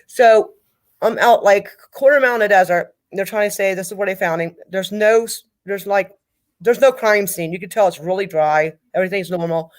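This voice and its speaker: A middle-aged woman speaking as a grieving mother in an interview, talking in a halting way and repeating herself. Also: medium pitch. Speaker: guest, mother of a victim. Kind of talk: emotional interview over a call.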